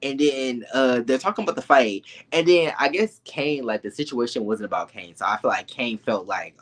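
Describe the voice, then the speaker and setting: A man co-hosting a casual reality TV review chat, campy and animated, laughing often and jumping to shrieking high asides. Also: normal speed, few pauses. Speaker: podcast co-host reviewing reality TV.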